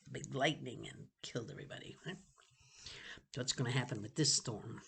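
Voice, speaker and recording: Bright expressive woman reading aloud. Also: very deep voice, a little fast, creaky, a little hiss or hum. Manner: expressive, stops to savor phrases. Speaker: reader for students. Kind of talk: reading a novel aloud with asides.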